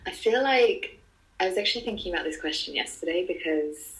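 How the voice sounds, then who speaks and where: A woman's voice: fairly low pitch, animated, fairly quick, poor audio. A young woman with an Irish accent, a drama student chatting casually as a podcast guest, laughing often and filling with "um" and "like". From Ireland. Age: young adult. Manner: chatty, laughing, lots of fillers. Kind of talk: casual chat.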